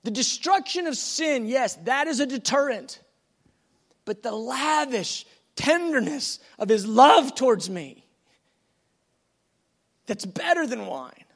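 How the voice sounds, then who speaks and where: A man preaching a teaching sermon in an animated, conversational way, acting out quotes as he goes. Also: extremely high pitch, takes it slowly, creaky, pauses often.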